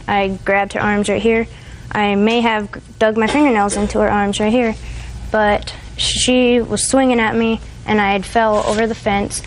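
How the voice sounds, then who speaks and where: A woman's voice: mid-range voice, a little hiss or hum, rough recording. A woman in her twenties testifying in a TV courtroom, retelling events in a rambling, hesitant way. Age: 20s. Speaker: defendant.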